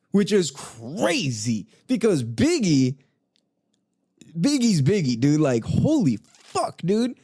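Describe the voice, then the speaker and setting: A young man hosts a casual podcast, telling stories in a loose, profane, fired-up way. His voice is fairly high for a man and swings widely in pitch. The sound is mellow and the recording is close and dry. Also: very animated, slow, no echo. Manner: loose, profane, enthusiastic storytelling with frequent laughs. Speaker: podcast host. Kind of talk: casual solo podcast talk.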